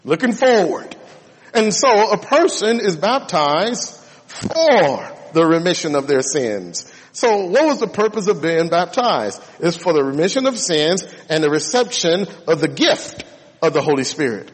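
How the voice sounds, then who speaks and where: A man's voice: fairly high pitch, sing-song, unhurried, breathy edge. A man preaching a sermon, stressing and drawing out key words to make his points. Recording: long hall reverb.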